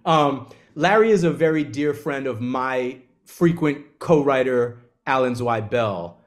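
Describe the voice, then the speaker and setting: A man, an author, telling an animated story in an onstage conversation and acting out the quotes. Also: mid-range voice, slow. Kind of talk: live conversation on stage.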